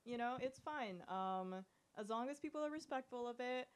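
A woman chatting casually as a podcast co-host, reflective and quick to laugh. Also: a little high, lively intonation. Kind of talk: casual chat.

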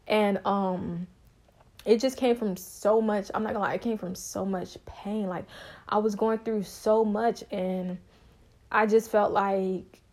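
A young woman hosting her own podcast, telling her story in a bubbly, talkative, casual way. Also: slow pace. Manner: bubbly, talkative, expressive with sudden high pitch jumps. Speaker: podcast host.

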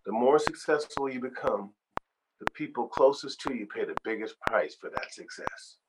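An older man, a guest singer, telling animated stories in a casual interview. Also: medium pitch, normal speed. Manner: animated storyteller, acts out quoted voices. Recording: noisy background hiss.

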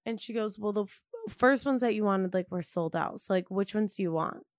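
A woman's voice: mid-range voice, brisk, dry recording. A young woman co-hosts a casual chat podcast. She talks hesitantly, circling her point with fillers and restarts. The sound is dry and close. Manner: hesitant, filler-heavy, many "like"s. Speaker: podcast co-host.

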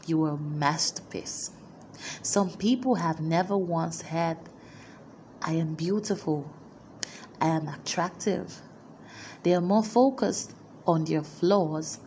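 A woman preaching a motivational sermon, building emphatic repeated declarations with dramatic pauses. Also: on the low side, a little mellow, a little hiss or hum.

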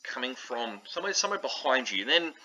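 Guy running a tabletop game, chatty and loose, really bright voice. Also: medium pitch, sing-song, fast, muffled recording. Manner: casual, rambling, with fillers. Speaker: game master.

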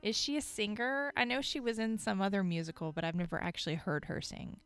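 A woman from Michigan in casual chat as a podcast co-host, animated and playful, laughing often. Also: medium pitch, fairly quick, clear, resonant tone, no echo. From Michigan, United States.

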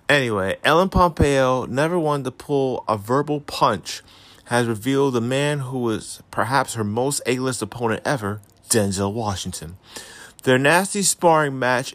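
A man's voice: mid-range voice, a bit bright, no room sound. A man giving casual celebrity gossip commentary, reading articles aloud with sarcastic, profane asides. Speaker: commentary host.

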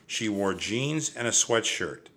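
An older man reading a children's chapter book aloud, with a gentle, reassuring manner. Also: fairly low pitch, animated, a little slow. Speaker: storybook reader. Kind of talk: children's story read-aloud.

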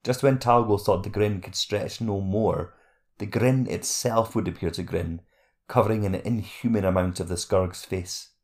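A man narrating a fantasy audiobook chapter in a steady, measured reading voice. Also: fairly low pitch.

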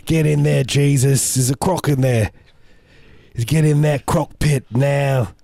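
A man's voice: mid-range voice, fairly even intonation, slow, vocal fry, mellow, no echo, studio quality, voice pushed up. A man voicing a brash Australian crocodile hunter barking orders in a put-on Australian accent. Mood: bossy.

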